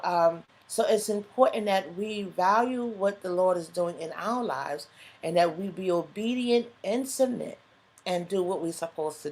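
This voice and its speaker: A woman's voice: on the low side, darkish tone. Fervent woman hosting a live stream. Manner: emotional, fervent, rises into exhortation. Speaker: online show host. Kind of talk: live stream talk, preacher-like testimony.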